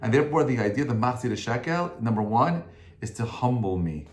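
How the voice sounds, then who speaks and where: A male rabbi giving an informal Torah class, chatty and conversational, rising now and then to emphatic, forceful peaks. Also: medium pitch, lively intonation, a little fast, roomy sound.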